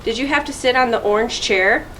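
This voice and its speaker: A woman doing a loud, giggly schoolgirl. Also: fairly high pitch, a little fast, a little hiss or hum. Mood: gleeful. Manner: shouting, gleeful. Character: loud excited schoolgirl friend.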